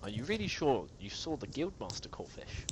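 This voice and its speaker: Male let's-play host, mid-pitched, jokey, reads dialogue aloud; faint background hiss. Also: big pitch swings, a little fast. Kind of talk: casual game commentary.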